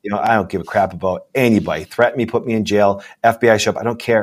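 A man's voice: fairly low pitch, very fast. A man speaking as a guest doctor in a casual interview, rambling and emphatic, often asking "you know what I'm saying".

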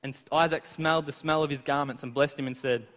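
A man's voice: on the high side, brisk. Man preaching in a big echoing hall. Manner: lively retelling of scripture with asides to the listeners. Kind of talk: sermon. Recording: long reverb of a large hall.

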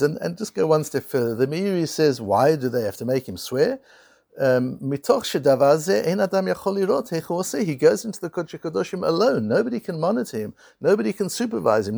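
A man's voice: a little high, gravelly, breathy edge, dry recording, clean studio sound. A man teaching a Torah lecture, talking through points with rhetorical questions and small acted-out scenes. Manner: animated, rhetorical questions, acts out little scenes.

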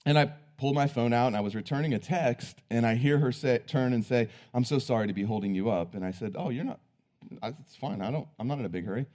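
A man's voice: medium pitch, quick pace, a little mellow. A man preaching, telling a personal story in an earnest, conversational way. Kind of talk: sermon storytelling.

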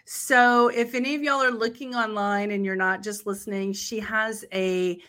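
A woman's voice: medium pitch, steady tone, normal speed, bright, forceful tone. A woman hosting a travel podcast, chatting upbeat with a guest and laughing often. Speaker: podcast host. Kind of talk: friendly interview chat.

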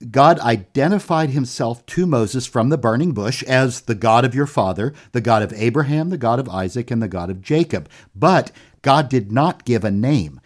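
A man co-hosting a Bible study podcast, his voice at an ordinary middle pitch. He retells the story in a measured, steady way. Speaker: podcast co-host. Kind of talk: scripted Bible study talk.

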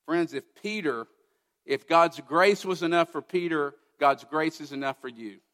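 A man preaching a sermon, emphatic, asking rhetorical questions and swinging from loud to hushed. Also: fairly high pitch, a little slow, big-room sound. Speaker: pastor.

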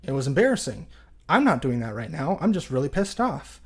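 A man in his thirties speaks as a podcast guest, earnest and reflective. His voice sits at a middle pitch, and he talks in a relaxed, unscripted way with frequent fillers. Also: a little fast, husky. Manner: earnest, reflective, many "you know" fillers. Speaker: podcast guest, jail chaplain. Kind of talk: casual interview talk.

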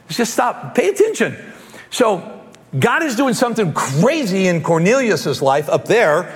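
Animated preacher man in an echoing hall. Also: sits high, unhurried. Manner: animated, emphatic, acts out scripture. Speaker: pastor. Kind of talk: sermon. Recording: long hall reverb.

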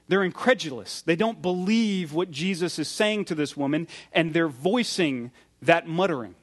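A man with a fairly high voice preaches to his church. His delivery is animated, and he acts out the lines of the people in the story he is telling. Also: unhurried, hardly any pauses. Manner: animated storytelling, acting out the quoted speakers. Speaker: pastor. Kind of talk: sermon.

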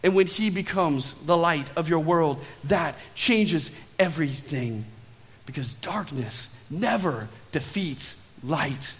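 A male pastor delivers a sermon in a bright, high voice. He swings between emphatic pushes and soft, low drops on key lines. A long reverb hangs behind every phrase, as in a large church sanctuary. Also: lively intonation, slow.

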